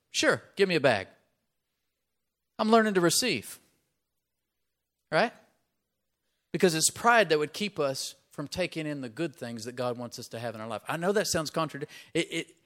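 Middle-aged male pastor, mid-pitched, delivering a sermon: chatty asides, then surging emphasis on his key lines. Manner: emphatic preaching, rising loud on key points; conversational asides with repeated "right?".

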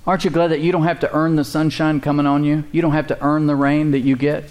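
A man preaches from the pulpit in a voice pitched a little high. He calls out to the congregation and draws out key phrases slowly for emphasis. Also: little pitch movement, darkish tone. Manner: call-and-response, repeating key phrases slowly. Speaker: pastor. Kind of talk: sermon.

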